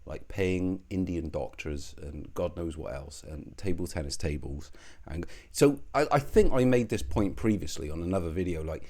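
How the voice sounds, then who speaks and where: A man with a low, mellow voice delivers a rambling, profane rant straight to camera. He is sardonic and slips in and out of a mock accent as he goes. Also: lively intonation, normal speed, few pauses. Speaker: online commentator. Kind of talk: ranting video commentary.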